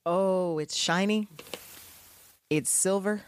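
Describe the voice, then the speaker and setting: A woman's voice: medium pitch, slow, a little hiss or hum. A woman co-hosting a casual rewatch podcast, gushing about characters, swearing casually and laughing often. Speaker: podcast co-host.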